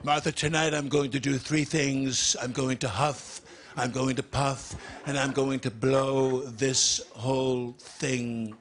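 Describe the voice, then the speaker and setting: An actor playing a brash, boastful president in a sketch comedy impression, with pouty, drawn-out phrasing. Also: male voice, mid-range voice, fairly even intonation, fairly bright tone. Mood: menacing. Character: brash, boastful male president, late middle-aged. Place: TV studio stage with live audience. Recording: noisy broadcast TV audio.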